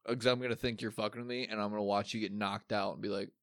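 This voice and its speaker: A young man telling a story in casual chat, animated and swearing, acting out what people said. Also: lowish voice, quick pace, dry recording, studio quality. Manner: animated, swearing, acts out quotes.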